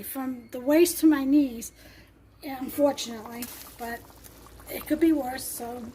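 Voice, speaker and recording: A woman's voice: high voice, a little mellow, slight background noise. A woman hosting a home cooking vlog, chatting casually in her kitchen, rambling and laughing often.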